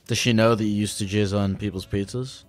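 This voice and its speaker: A man's voice: fairly low pitch, fairly even intonation, brisk, no room sound, soft background music. A man hosting a call-in show, pressing a caller with blunt, profane questions. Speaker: host.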